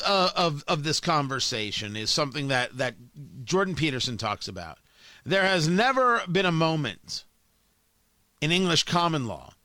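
A man's voice: a little high, bright, forceful tone, no echo. A man delivering an emphatic opinion monologue as a talk host, often repeating words as he builds a point.

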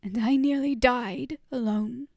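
A woman's voice: a little high, unhurried, vocal fry, a little mellow, no echo, clean studio sound, pitched above the performer's own voice. A woman voicing a bitter, starving young girl in a whispered role-play.

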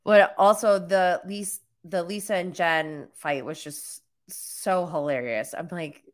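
A woman's voice: fairly low pitch, fairly even intonation, slow pace. A young woman hosting a casual talk show, chatty and full of fillers, laughing often as she talks. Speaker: podcast host recapping reality TV. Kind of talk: casual chat.

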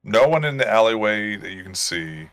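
A man running a tabletop game as game master, calmly setting each scene. His voice is low yet bright, and the sound is dry and close. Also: normal speed, no room sound.

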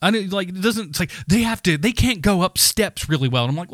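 A man co-hosting a podcast, telling a story in a casual, animated, heavily profane rant. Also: sits high, fast talker, dry recording, studio quality. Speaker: podcast co-host.

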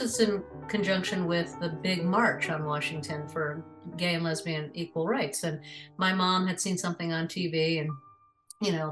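A woman's voice: on the low side, poor audio. A retired teacher in her sixties, a woman, speaking frankly and conversationally about her life in an interview. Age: 60s. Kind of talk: personal storytelling.

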